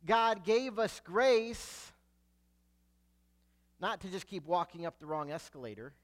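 A man preaching a sermon, emphatic, swelling loud on key words and sinking low and quiet at the ends of phrases. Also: animated, slow pace. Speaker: pastor.

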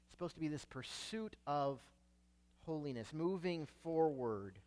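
High-voiced man preaching a sermon. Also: lively intonation, a little slow. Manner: emphatic, rising loud on key words and dropping low at phrase ends. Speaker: pastor.

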